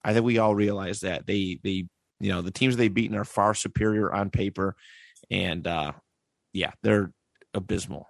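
A man's voice: fairly low pitch, steady tone, moderate pace, creaky, no room sound, studio quality. A man hosting a casual sports podcast, running the picks and reading stats off a list. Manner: runs the segment, reads stats off a list. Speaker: podcast host.

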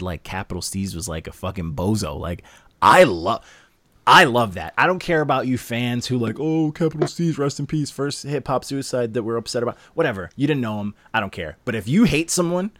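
A young man hosting a casual podcast chat, ranting about rap albums with animated, profane energy. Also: fairly low pitch, moderate pace, dry recording.

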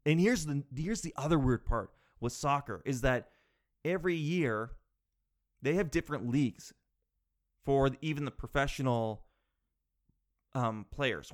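Dude rambling on, animated, throws in rhetorical questions, mid-pitch voice. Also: male voice, moderate pace. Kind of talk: casual chat.

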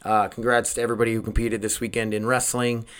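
A man's voice: mid-range voice, little pitch movement, fast, clean tone. A man hosting his own podcast, talking casually and rambling, often losing his train of thought and poking fun at himself, recorded on a home microphone setup. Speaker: podcast host. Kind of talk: casual solo podcast monologue. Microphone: desk microphone.

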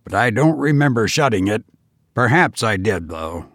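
A man doing a hesitant, uneasy companion, low. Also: very animated, normal speed, a bit bright, dry recording, studio quality, heavily acted. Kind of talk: audiobook character voice.

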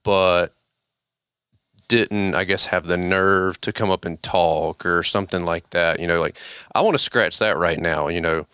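A man's voice: low voice, a little slow, sharp tone, smooth, no room sound, clean studio sound. A man guest on a podcast, talking from home in a rambling way with many fillers. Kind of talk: casual chat.

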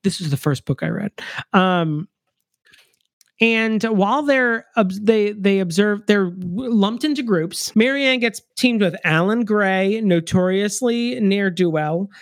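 A wry podcast co-host recaps a book casually, trailing off with fillers and dropping deadpan jokes along the way. The voice is mid-pitched and recorded close and dry, with no room sound. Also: a little slow, no echo. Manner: wry, joking, hesitant with fillers.

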